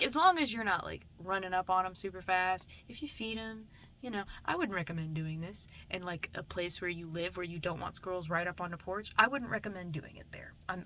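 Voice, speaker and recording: A woman's voice: fairly low pitch, pushed and bright, a little hiss or hum. Drowsy young woman rambling late at night. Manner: drowsy, meandering, casual swearing. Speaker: vlogger. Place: home, at night.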